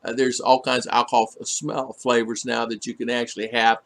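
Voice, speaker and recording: A man talking casually on a home livestream, greeting viewers by name and answering their comments. He rambles, stops and restarts often, and fills gaps with lots of "uh". His voice sits at a middle pitch. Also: little pitch movement, a little fast, creaky, fairly bright tone. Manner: rambling, many fillers and restarts. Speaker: livestream host reading chat. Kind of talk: casual live chat. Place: home in the Philippines.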